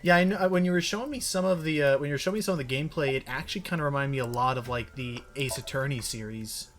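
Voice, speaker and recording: A man's voice: mid-range voice, fast talker. A young man doing casual, jokey let's-play commentary as co-host, often restarting and talking over others.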